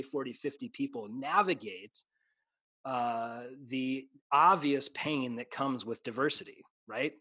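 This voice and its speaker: A man's voice: medium pitch, a little slow, bright, forceful tone, breathy edge, no echo. A man who is a pastor in a casual conversation, speaking earnestly, restarting sentences and slipping into a preaching cadence. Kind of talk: casual chat.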